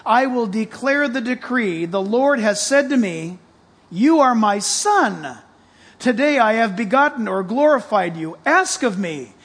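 Male pastor, very high voice, excitable sermon delivery with emphatic, shouted peaks. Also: slightly rough. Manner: excitable, shifts to loud emphatic preaching.

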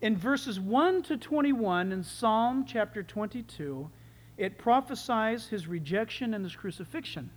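A male preacher teaching from scripture with lively enthusiasm. He slows down to stress key phrases, then rushes ahead again, and his volume climbs and drops as he goes. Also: very high-pitched, big-room sound. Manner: animated and enthusiastic, with big swings in loudness. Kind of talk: sermon.

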